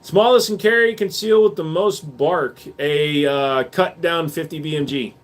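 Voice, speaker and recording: A man's voice: fairly high pitch, a little slow. A man hosting a casual livestream, answering chat questions in a blunt, offhand, joking way.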